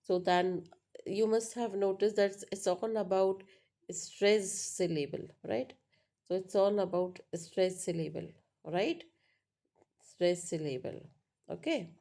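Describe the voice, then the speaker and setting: A woman teaching a lesson on word stress, pausing often with fillers and asking "right?" to check understanding. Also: mid-range voice, mellow. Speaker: English teacher. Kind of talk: spoken lecture on pronunciation.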